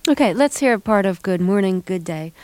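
A woman's voice: mid-range voice, lively intonation, brisk, darkish tone. A woman hosting a radio interview, asking curious, probing questions. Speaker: radio host. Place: radio studio. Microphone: studio mic.

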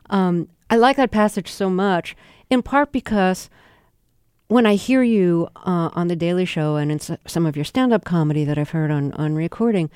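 An interviewer asking long, measured questions that frame the topic. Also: mid-range voice, dark tone, clear, resonant tone, no echo, clean studio sound.

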